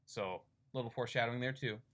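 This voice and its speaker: A man's voice: mid-range voice, rapid-fire, a bit bright. A man co-hosting a podcast, rambling through a casual comic book recap with lots of fillers. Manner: rambling retelling with fillers and laughs. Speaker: podcast co-host.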